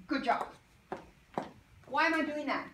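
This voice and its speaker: A woman teaching young children a phonics lesson in a classroom, modeling sounds slowly and prompting call-and-response with encouraging praise. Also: high-pitched, pushed and bright, a little hiss or hum. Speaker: elementary school teacher. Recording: echoey room from far off.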